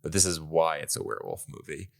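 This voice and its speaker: A man's voice: extremely low pitch, fast talker, vocal fry. A man co-hosting a podcast in casual chat, rambling with many fillers and frequent laughter. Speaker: podcast co-host.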